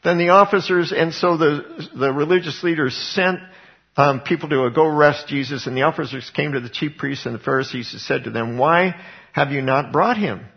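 A man's voice: fairly high pitch, steady tone, a little fast, vocal fry, lo-fi sound. A man preaching a Bible teaching sermon, retelling scripture as conversational storytelling. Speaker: pastor.

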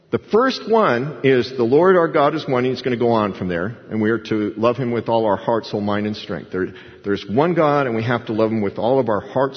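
A man preaching a sermon as pastor, in a conversational, folksy way with frequent restarts and emphatic repeats. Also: medium pitch. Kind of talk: expository sermon. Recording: long hall reverb, dull lo-fi sound.

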